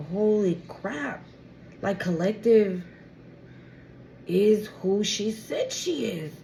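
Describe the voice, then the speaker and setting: A woman's voice: on the high side, darkish tone. Emotional young woman giving a tarot reading. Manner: emotional, exclamatory, slangy, swings to near tears. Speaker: tarot reader. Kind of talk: casual tarot reading to viewers.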